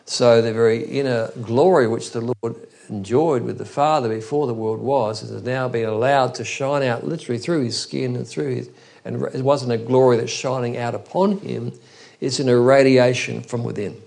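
Gravelly-voiced man preaching. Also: medium pitch, fairly even intonation, normal speed, darkish tone. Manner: thoughtful, conversational teaching with frequent scripture quotes. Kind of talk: Bible teaching sermon.

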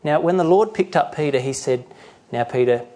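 A man's voice: on the high side, fairly quick, warm tone. A middle-aged male pastor preaching a sermon earnestly, sometimes acting out the voices he quotes.

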